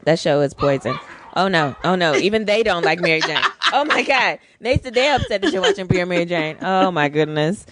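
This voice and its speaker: A woman's voice: on the low side, brisk, noisy background. A woman co-hosting a podcast, chatting casually and telling stories expressively. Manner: animated storyteller, expressive. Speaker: podcast co-host. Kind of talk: casual chat.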